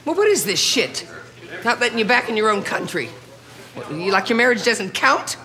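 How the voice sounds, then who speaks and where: A woman's voice: a little high, very animated, moderate pace, pushed and bright. An actress playing a brash, outspoken mother who swears and rants indignantly, in a film clip.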